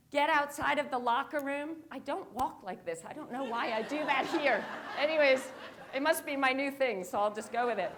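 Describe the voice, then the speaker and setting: A woman's voice: high-pitched, normal speed, fairly bright tone, a little hiss or hum. A woman giving a motivational talk on stage, telling a story and acting out her own reactions. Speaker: keynote speaker. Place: conference stage.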